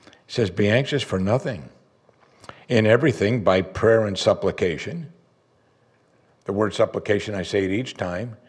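A man preaching a sermon as pastor, conversational, voicing his listeners' doubts in a higher voice. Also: expressive, moderate pace, darkish tone, breathy edge. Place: church sanctuary.

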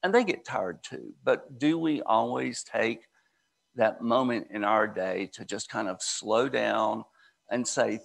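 A man from the United States speaks at a spiritual center with a lowish voice, slow pace, and vocal fry. His inspirational talk is conversational and drifts into storytelling.

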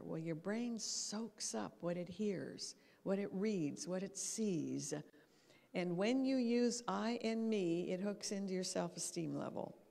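A woman giving a lively talk in a church hall, acting out quotes as she tells stories. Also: medium pitch, vocal fry. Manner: lively storytelling, acts out quotes. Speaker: guest speaker. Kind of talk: talk on habits. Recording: reverberant hall.

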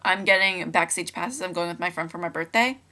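A woman's voice: on the low side, a little fast, pushed and bright. A young woman vlogging at home into her laptop mic, chatty and rambling with lots of fillers and restarts. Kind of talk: casual webcam vlog. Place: room at home. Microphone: laptop built-in mic.

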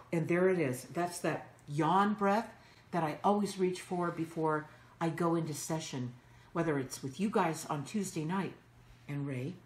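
A woman's voice: low voice, a little mellow, reverberant, a little hiss or hum. A woman hosting a spiritual channeling show, giving soothing, instructive guidance and repeating cues like "okay". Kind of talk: guided spiritual talk.

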